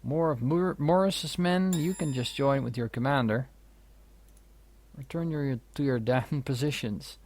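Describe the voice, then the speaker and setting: A man's voice: mid-range voice, measured pace, a little mellow. A man giving casual, wry commentary while playing a strategy game, swearing now and then. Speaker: let's play host. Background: keyboard and mouse clicks.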